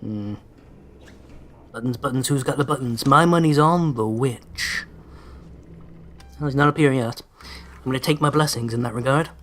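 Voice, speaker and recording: A man's voice: medium pitch, a little fast, pauses often. A man giving casual gameplay commentary in a sardonic, sweary way, over-pronouncing his words. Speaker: let's play host.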